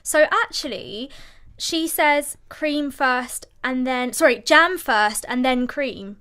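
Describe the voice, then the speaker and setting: A woman's voice: sits high, slow pace, sharp tone, clean tone. A British woman explaining a topic in casual radio chat, with a lot of fillers, in a studio. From United Kingdom. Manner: chatty, explains with many fillers. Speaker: studio guest presenter.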